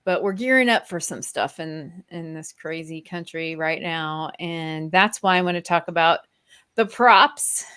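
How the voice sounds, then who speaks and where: Slow-talking chatty woman podcast host. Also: deep voice, a bit bright, clear, resonant tone. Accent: Kansas City, Midwestern US. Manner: slow, meandering, laughs often. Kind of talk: casual chat.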